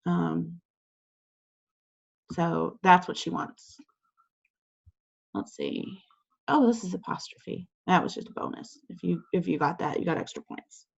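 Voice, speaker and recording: A woman's voice: on the low side, measured pace, creaky, long pauses, slightly rough, dull audio. A woman teacher talking a class through quiz questions over a video call in a casual, chatty way, with lots of fillers and acted-out quotes.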